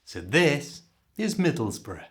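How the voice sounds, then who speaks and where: A man leads a pronunciation lesson. He speaks slowly and deliberately, with a lively, rising and falling pitch. He demonstrates each sound with care. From Liverpool, England. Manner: slow, careful, demonstrative. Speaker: English pronunciation teacher.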